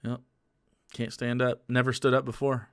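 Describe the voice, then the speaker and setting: A man's voice: medium pitch, level tone, normal speed, clean tone, no echo, clean studio sound. A man livestreaming, ranting casually to his chat in a crude, mocking and combative way with sarcastic asides.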